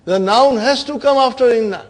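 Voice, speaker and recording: A man's voice: very high voice, moderate pace. A man teaching an Arabic grammar class, quizzing his students with repeated questions.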